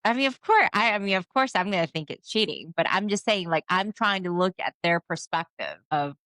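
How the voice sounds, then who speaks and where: A woman's voice: mid-range voice, lively intonation, brisk, fairly bright tone, no room sound, studio quality. A woman co-hosting a podcast in casual chat, asking questions hesitantly with many restarts. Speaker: podcast co-host.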